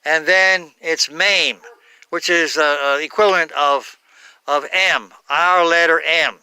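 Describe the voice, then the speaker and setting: A man giving an unscripted Bible talk, halting, with many fillers and self-corrections. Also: on the high side, fairly even intonation, sharp tone, smooth, no room sound. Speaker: Bible teacher.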